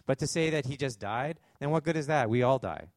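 A man's voice: medium pitch, lively intonation, a little fast, no room sound. A man with a Canadian accent preaching a sermon as pastor, conversational, with asides and fillers.

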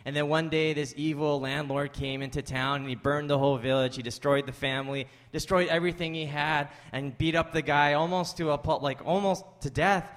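A man's voice: on the high side, a little fast, few pauses, long reverb tail. A man preaching a sermon as pastor, conversational, mixing scripture with jokey asides to the congregation. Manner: conversational, jokey asides, rising animated when joking. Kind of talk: sermon with storytelling.

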